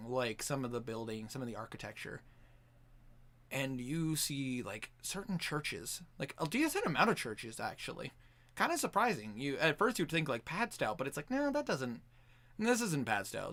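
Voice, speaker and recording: Over a voice chat call, a man runs a tabletop game as game master, his narration rambling and packed with "like" and false starts. His voice is medium-pitched and fairly bright.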